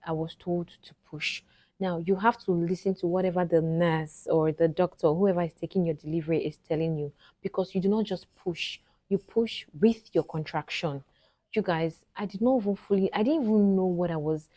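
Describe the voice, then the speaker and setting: Nigerian woman vlogger, chatty and low. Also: dark tone, dry recording. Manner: chatty, frequently addresses viewers directly. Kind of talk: casual storytelling to camera.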